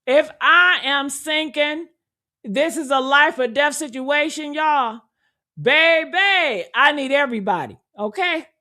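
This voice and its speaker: Female true crime commentator: high, bright voice, unhurried, blunt, sarcastic, swears a lot. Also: expressive. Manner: blunt, sarcastic, swears freely, talks straight to viewers. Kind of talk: casual video commentary.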